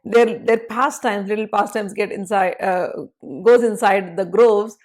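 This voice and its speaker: A woman narrating a devotional story and explaining hymn verses as a spiritual teacher, in an animated, conversational way. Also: mid-range voice, measured pace.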